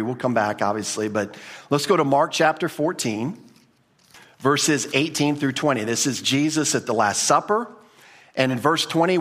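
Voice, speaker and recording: A man's voice: mid-range voice, fairly bright tone, big-room sound. A man teaching a Bible class as a pastor, conversational, often repeating words and restarting. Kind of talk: teaching sermon.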